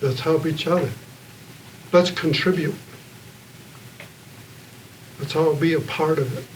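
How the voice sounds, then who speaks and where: A man telling stories at a community panel evening, earnest and plain-spoken, pausing often. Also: a little high. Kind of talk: heartfelt public storytelling. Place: gathering room with an audience. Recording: distant mic, faint room noise.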